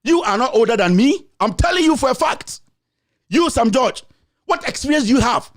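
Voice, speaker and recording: Ranting Ghanaian man, very high voice. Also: lively intonation, normal speed, a bit bright. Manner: scolding, repetitive, insulting. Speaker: political commentator and show host. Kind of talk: angry political rant.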